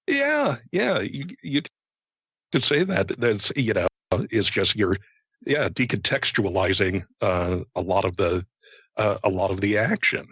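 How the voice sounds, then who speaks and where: A man co-hosting a casual podcast, rambling and halting with lots of fillers and stutters. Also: on the low side, big pitch swings, a bit bright, husky, no room sound. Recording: dull lo-fi sound.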